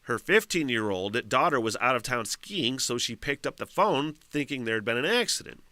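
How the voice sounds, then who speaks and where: A middle-aged man rambles through his solo podcast, cursing freely and breaking off to comment on the news story he is reading out. His voice is bright and forward, recorded close and dry with no room sound. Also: mid-range voice, lively intonation, normal speed, no room sound. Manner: profane, rambling, reads news aloud with asides. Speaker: podcast host. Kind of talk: casual solo podcast chat.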